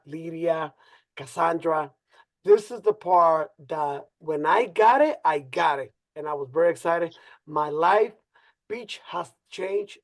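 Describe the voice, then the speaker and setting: A man with a Spanish-speaking accent hosts an online presentation over a video call. He talks in an animated, hype-building way and repeats his catchphrases. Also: on the high side. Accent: Spanish-speaking accent in English. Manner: animated, hypey, repeats phrases. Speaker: co-host presenter. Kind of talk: casual webinar presentation.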